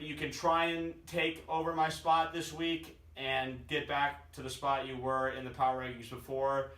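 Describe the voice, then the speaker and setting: A man's voice: medium pitch, a bit bright. A man ranking his friends' fantasy football teams in a casual comedic commentary, full of puns and forever calling his listeners "guys.". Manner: jokey, pun-loving, keeps addressing his friends as "guys". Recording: echoey room, voice from far off the mic.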